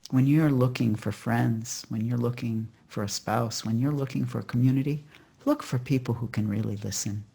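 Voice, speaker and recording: A wise old Hasidic rebbe, a gentle man, voiced by a storyteller. He speaks slowly and patiently with a gravelly edge. The tone is husky and warm-hearted. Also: mid-range voice, fairly even intonation. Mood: gently teaching. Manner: soft, patient and unhurried.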